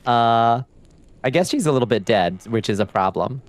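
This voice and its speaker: A man chatting casually and swearing often while livestreaming a game, reacting loudly and talking to his chat. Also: medium pitch, normal speed. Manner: profane, excitable, chatty with chat. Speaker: streamer.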